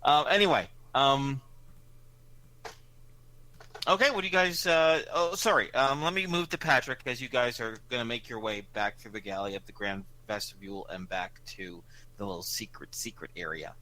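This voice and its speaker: A man narrating a tabletop game as game master over an online call, chatty and quick to laugh. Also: medium pitch, pushed and bright, a little hiss or hum, low-quality recording.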